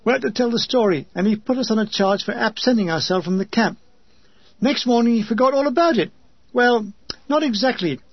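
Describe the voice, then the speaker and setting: High husky man narrating with dry wit. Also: fairly quick, no echo, highs cut off. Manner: dry comic storytelling. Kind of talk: scripted memoir narration.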